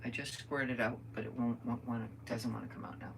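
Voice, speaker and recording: A woman's voice: rumbling low, fairly even intonation, fast talker, creaky, slight background noise. An older woman chatting casually to viewers while she crafts at home, rambling through stories and talking to them as friends. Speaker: crafter vlogger.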